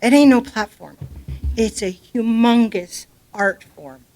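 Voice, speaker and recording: A woman's voice: fairly high pitch, slow pace, darkish tone. A middle-aged woman speaking as a grieving mother at a memorial, talking off the cuff in a rambling, informal, heartfelt way in a community centre hall. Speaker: grieving mother giving a eulogy. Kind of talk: unprepared memorial speech.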